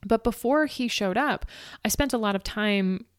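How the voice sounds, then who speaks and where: Woman storyteller, smooth clear voice, dry close sound, emotional and chatty. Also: on the high side, moderate pace, dry recording. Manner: emotional, fighting back tears; frequent fillers like "like" and "um". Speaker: ultrarunner recounting a race. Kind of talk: personal storytelling.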